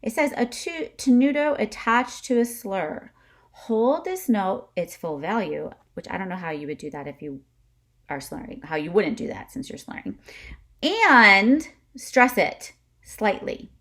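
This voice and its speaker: A woman's voice: medium pitch, moderate pace. A woman teaching a music lesson to camera, chatty and often checking in with "okay?", demonstrating breath kicks with short huffs. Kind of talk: instrumental lesson video.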